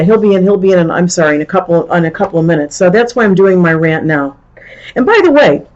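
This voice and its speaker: A middle-aged woman hosts her own live stream, ranting with exasperation and rambling through restarts. Her voice sits at an ordinary pitch for a woman. The audio is a bit muffled and lo-fi. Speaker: show host. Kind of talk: live-stream political commentary.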